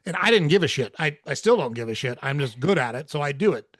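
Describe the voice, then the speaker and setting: A man's voice: fairly high pitch, fast talker, no echo, studio quality. Candid, swearing man telling a story. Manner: candid, swears freely, animated when quoting. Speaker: podcast host. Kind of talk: casual storytelling conversation.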